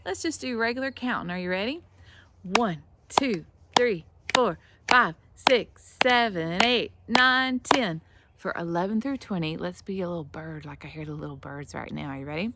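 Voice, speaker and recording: A woman's voice: fairly low pitch, very noisy. A woman teaching young children in a playful, encouraging way, leading counting games. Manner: playful and encouraging, slow and sing-song.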